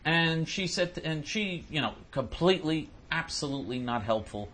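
Male host, animated and indignant, tumbling over repeated words; a bright, breathy voice. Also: a little high, normal speed, few pauses. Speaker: host answering listener questions. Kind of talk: ranting monologue.

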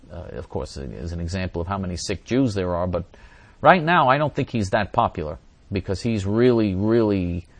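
A man hosting a show where he reads forum questions and answers them at length, repeating and restarting words, with heated, emphatic remarks. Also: lowish voice. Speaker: host answering viewer questions.

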